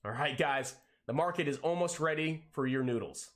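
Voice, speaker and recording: An excitable man streams live trading commentary, rattling off prices and cheering on his trades. His voice is bright and sharp with a slightly high pitch, and he hypes every move between corny jokes. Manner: excitable, hyped, jokey, calls out prices rapidly.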